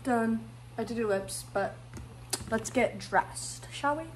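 Young woman rambling in a vlog, lots of "like", slightly high voice. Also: measured pace, background noise. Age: young adult. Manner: rambling, filler-heavy, giggly. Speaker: vlogger. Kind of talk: casual vlog chat.

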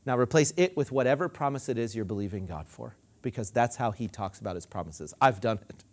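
A male pastor preaching a sermon, leading the congregation in call-and-response and swinging from loud emphatic declarations to quiet low asides. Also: lively intonation, quick pace.

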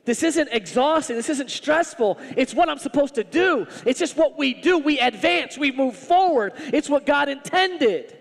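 A male pastor preaching a sermon in an animated, humorous, conversational way. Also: very high voice, normal speed, vocal fry, few pauses, big-room sound.

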